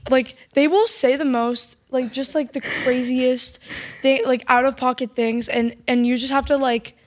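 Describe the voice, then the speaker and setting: High-voiced young woman telling animated stories. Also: a little slow. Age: young adult. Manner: animated storyteller, mimics voices. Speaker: podcast co-host. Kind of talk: casual chat.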